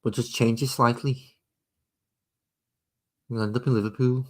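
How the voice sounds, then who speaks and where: A man's voice: medium pitch, steady tone, measured pace, darkish tone. A man with a Mancunian accent rambling casually to his live-stream chat while he paints miniatures. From Manchester, England. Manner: rambling and chatty while working.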